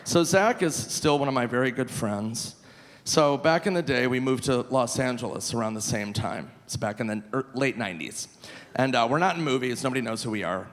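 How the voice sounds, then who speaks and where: A man in his forties from Minnesota doing a live stand-up set, animated and self-mocking, often breaking into laughter. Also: mid-range voice, brisk. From Minnesota, USA. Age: 40s. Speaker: stand-up comedian. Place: live theater stage. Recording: reverberant live venue, faint room noise.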